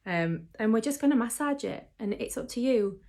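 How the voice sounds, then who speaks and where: A woman who teaches mindfulness and acupressure in a gentle, chatty way, with frequent ums. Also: on the high side, animated, normal speed. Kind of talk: relaxed instructional talk to camera.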